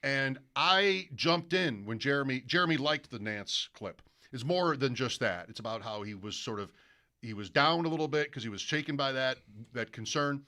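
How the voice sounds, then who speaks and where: Bright-voiced man telling stories on radio. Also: medium pitch, moderate pace. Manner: storytelling, animated, mimics broadcaster calls. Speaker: sports radio host. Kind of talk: casual radio chat.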